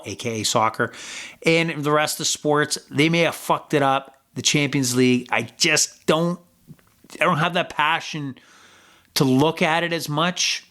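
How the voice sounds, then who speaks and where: A man's voice: on the high side, a bit bright. A man hosting a sports betting podcast, talking in a loose, rambling way with lots of fillers and casual swearing. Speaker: podcast host.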